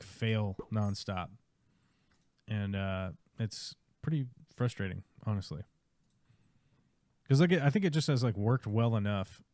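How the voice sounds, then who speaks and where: A man's voice: on the low side, darkish tone, no room sound. A male streamer giving casual, wry commentary while he plays a strategy game live.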